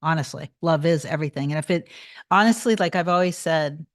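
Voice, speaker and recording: Low-voiced, tired woman host, chatty livestream talk, dry close sound. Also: fairly quick, dry recording. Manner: chatty, greets viewers by name, repeats phrases. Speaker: manifestation coach hosting a livestream. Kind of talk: casual livestream chat.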